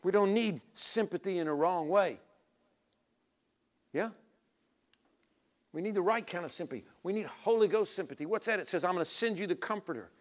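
High-voiced preacher swinging loud to hushed. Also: male voice, expressive, normal speed, pauses often. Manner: swings from loud urging to quiet near-whispers; acts out little dialogues with God and people. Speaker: pastor. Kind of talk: sermon.

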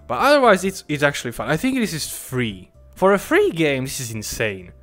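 A man's voice: fairly high pitch, wildly swooping pitch, normal speed, fairly bright tone, soft background music. A man playing a bar-serving game and chatting casually, exclaiming, swearing and putting on a mock-polite tone for customers. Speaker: gaming YouTuber. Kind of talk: casual gameplay commentary.

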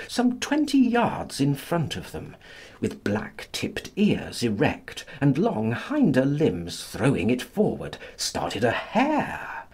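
A man narrating a classic novel as an audiobook in a dramatic, expressive manner. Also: medium pitch, a little hiss or hum.

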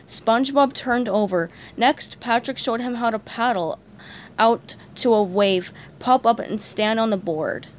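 A young woman reading a children's storybook aloud in an expressive, animated way. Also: a little high, a little slow, slight background noise. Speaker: story reader.

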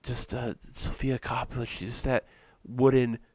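This male podcast co-host speaks at a normal speed in a mid-range, darkish voice with fairly even intonation. He rambles through casual chat full of fillers and restarts, recorded with no room sound.

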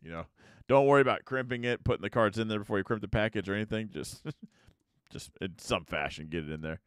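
An American man hosts a casual YouTube card-opening video, chatting and muttering card names as he opens packs. His voice is low-ish, clear, and resonant, he talks quickly, and the recording is dry and studio-quality.

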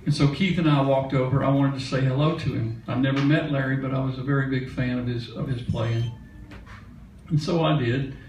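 An older musician from Mississippi tells a folksy, chatty story on stage, laughing now and then, heard from a distance in an echoey concert hall. His medium-pitched voice is a little mellow with fairly even intonation and a slightly fast pace, over slight background noise.

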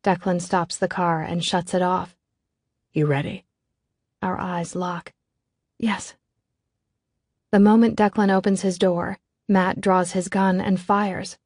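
Dry, low-voiced woman narrating an audiobook. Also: little pitch movement, measured pace, a little mellow, no room sound. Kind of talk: scripted first-person narration.

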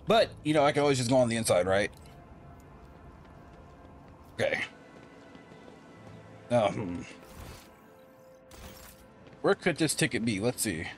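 A man's voice: medium pitch, animated, measured pace, pauses often, faint music behind. A man commentating casually over a game he is playing, rambling and thinking aloud. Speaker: gameplay streamer.

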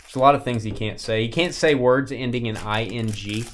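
A young man hosting a live card break stream, chatting in a teasing way and loudly calling out player names as he opens packs. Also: mid-range voice, a little fast, noisy background.

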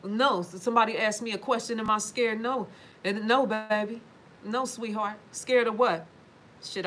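In a mid-range, somewhat bright voice, a woman runs a casual livestream from home and responds to viewer comments. Her delivery is forceful and full of profanity, and she speaks directly to those watching.

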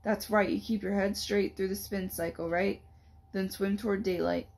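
A woman reading the lines of a young teen boy who tries to keep his friends calm, in an earnest, reassuring manner. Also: medium pitch, normal speed, vocal fry. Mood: urging.

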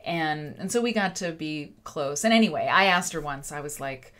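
A woman's voice: sits low, lively intonation, moderate pace, a bit bright. A woman hosting a livestream in casual, rambling chat, laughing often. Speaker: show host.

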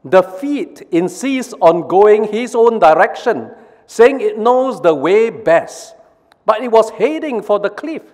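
A man's voice: high voice, lively intonation, takes it slowly, darkish tone, long reverb tail, voice pushed up. A man voicing a body's brain as a bossy, exasperated figure that scolds the other body parts. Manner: scolding, raised and strained.

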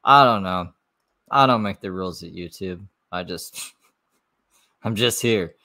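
Low-voiced man rambling on a livestream. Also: measured pace, bright, forceful tone. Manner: rambling, offhand, low-key. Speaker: livestream host. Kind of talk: casual live-stream commentary.

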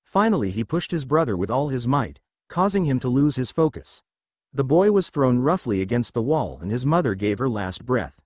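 A man reading fan fiction aloud as narrator, in a steady storytelling manner. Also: medium pitch, normal speed, no room sound.

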